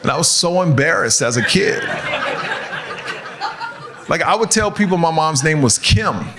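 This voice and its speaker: A male stand-up comedian doing crowd work in a club, animated and often laughing at his own jokes. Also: on the high side, a little slow, background noise. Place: comedy club stage with audience.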